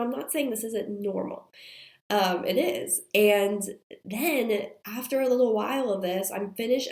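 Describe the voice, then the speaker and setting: Woman host in her thirties, under the weather, confessional storyteller, recorded in an echoey room. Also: mid-range voice. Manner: chatty and confessional, many fillers. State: sick, strained voice. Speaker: podcast host. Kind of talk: candid storytelling monologue. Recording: roomy echo.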